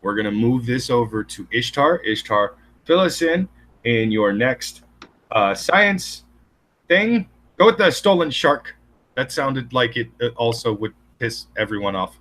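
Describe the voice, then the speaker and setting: A man's voice: medium pitch, expressive, a little slow, fairly bright tone. A man co-hosting a casual online show, dry and wry, handing the turn on to the next speaker. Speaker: co-host. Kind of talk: casual chat.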